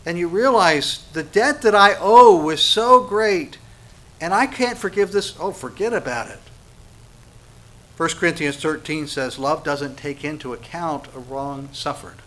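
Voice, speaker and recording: A pastor preaching a sermon, with emphatic stresses and quiet asides. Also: male voice, a little high, unhurried. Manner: emphatic preaching, swings between loud stresses and soft asides.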